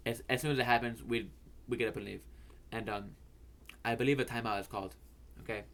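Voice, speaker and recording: A man's voice: mid-range voice, fairly even intonation, brisk, a bit bright. A young man hosting a fantasy football video, telling a story in a rambling way, stammering and repeating words and swearing casually.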